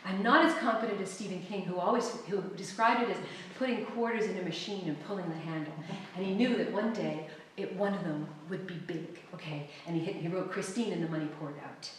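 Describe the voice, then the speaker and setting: A middle-aged woman author telling animated stories to an audience, laughing often and acting out quoted lines. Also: lowish voice, fairly quick, slight background noise. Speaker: author giving a library talk. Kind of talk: storytelling talk to an audience. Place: library event room. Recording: roomy, distant mic with faint ambience.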